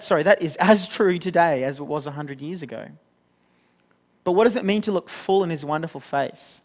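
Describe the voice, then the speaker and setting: A young man giving a sermon in an earnest, conversational way, often restarting his sentences. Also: fairly high pitch. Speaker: pastor.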